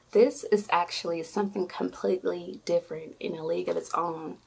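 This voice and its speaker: A woman's voice: on the low side, fairly even intonation, fast talker, gravelly, few pauses, a little mellow, husky. A woman vlogging an unboxing, chatty and effusive, often squealing with delight. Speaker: beauty vlogger. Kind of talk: excited unboxing vlog.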